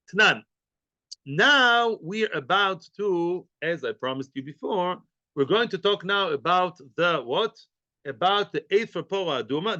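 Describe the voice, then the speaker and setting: A man giving an animated Talmud lesson, acting out little scenes and mixing in Hebrew and Yiddish terms. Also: on the high side, no echo. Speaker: Talmud teacher. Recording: dull, muffled dry recording.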